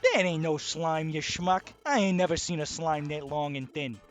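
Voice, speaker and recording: A man voicing a gang of gruff male platypus mobsters with a tough-guy gangster drawl. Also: a little high, normal speed, natural voice. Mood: bickering.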